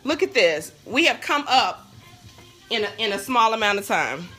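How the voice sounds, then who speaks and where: Chatty bright-voiced woman cooking on a livestream. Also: fairly high pitch, big pitch swings, normal speed, faint music behind. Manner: chatty, talks straight to viewers, sidetracked easily. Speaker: cooking show host. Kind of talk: live-stream cooking chat. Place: home kitchen with bacon sizzling in a pan. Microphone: phone on a stand.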